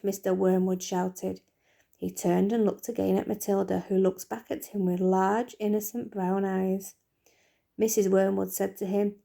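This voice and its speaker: A woman teacher reading a children's book aloud in a lively, expressive way. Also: medium pitch, measured pace, creaky.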